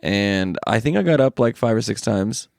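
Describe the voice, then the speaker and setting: A man's voice: on the low side, expressive, moderate pace, vocal fry, a little mellow, dry recording. A man co-hosting a podcast, chiming in during casual chat with short replies and dry asides. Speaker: podcast co-host.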